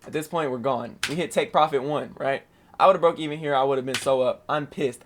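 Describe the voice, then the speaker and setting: A young man casually recapping his day trade on a screen share, slangy and animated, swearing and saying "boom" a lot. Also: a little fast, gravelly, slight background noise.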